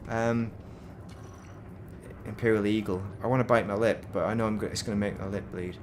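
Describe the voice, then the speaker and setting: A man's voice: on the low side, fairly even intonation, brisk, a little hiss or hum. A man casually commentating while he plays a space game, rambling and breaking off mid-sentence. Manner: rambling, self-interrupting, chatty. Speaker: game streamer.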